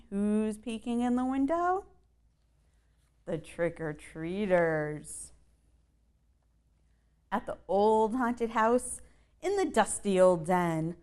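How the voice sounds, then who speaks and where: A woman reads a children's picture book aloud at a very unhurried pace, and her pitch rises and falls a lot. She reads the rhymes in a sing-song way and stops to ask her young listeners questions. Her voice sits in a middle register. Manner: sing-song rhyming delivery with playful asides.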